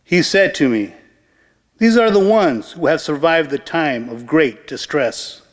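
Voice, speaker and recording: A man reading scripture aloud at Mass, slow, measured and solemn. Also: on the high side, lively intonation. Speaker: lector. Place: large church. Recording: church with long reverb.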